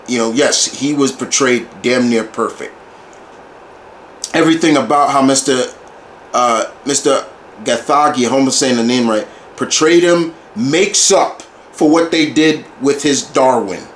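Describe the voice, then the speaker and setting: Eager man with a slow, roomy-sounding delivery. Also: mid-range voice, a bit bright. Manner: enthusiastic fan, repeats and restarts phrases. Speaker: movie reviewer. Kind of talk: casual video review monologue. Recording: roomy echo, faint background hiss.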